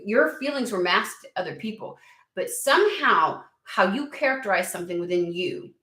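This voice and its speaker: A woman's voice: a little high, pushed and bright, reverberant. A woman giving a casual tarot reading, chatty and rambling, swearing freely and saying "like" a lot. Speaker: tarot reader.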